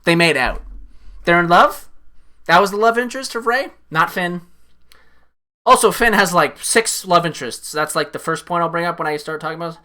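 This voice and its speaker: Excitable young man, bright and rambling. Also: high voice, normal speed. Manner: rambling, profane, excitable, acts out quotes. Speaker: streamer. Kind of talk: casual film recap.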